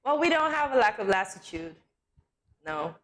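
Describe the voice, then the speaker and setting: A woman co-host bantering playfully on a morning show, laughing so hard her eyes water. Her voice sits a bit high and swings widely in pitch. A faint hiss runs underneath. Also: big pitch swings, moderate pace, fairly bright tone. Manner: laughs often, playful and teasing. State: laughing to tears. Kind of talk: casual studio chat.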